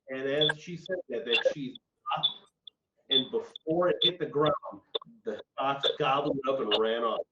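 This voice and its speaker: A man hosting an improv game online and telling a story in a relaxed, rambling way over a video call. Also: mid-range voice, measured pace, long pauses, background noise. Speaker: improv host. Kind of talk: casual storytelling. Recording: dull echoey audio from far off.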